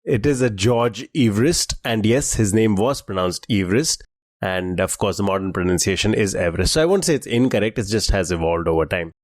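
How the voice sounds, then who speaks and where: A man co-hosting a trivia podcast, relaxed and explanatory, filling pauses with "uh" while he lays out facts. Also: fairly low pitch, dry recording, studio quality. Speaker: quiz podcast co-host. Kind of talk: casual quiz podcast chat.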